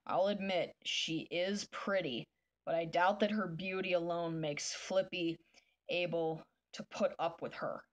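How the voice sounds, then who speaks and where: A woman's voice: fairly low pitch, measured pace, lightly acted. A woman reading out the lines of an angry, jealous bear from her own comic, in a grumbling, resentful way. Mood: grudging.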